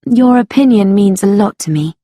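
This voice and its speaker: A woman voicing a young woman artist turned cat heroine in a slow storybook reading for learners, earnest and plain. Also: mid-range voice, animated, mellow, dry recording, clean studio sound, close to an everyday voice. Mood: gentle.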